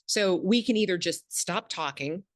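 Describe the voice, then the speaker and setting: A woman guest talking through workplace advice in a low-leaning voice, animated as she acts out little exchanges. The sound is dry and close, with no room around it. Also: a little slow, no room sound. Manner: animated, acts out example dialogue. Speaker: communication expert guest. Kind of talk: explanatory interview talk.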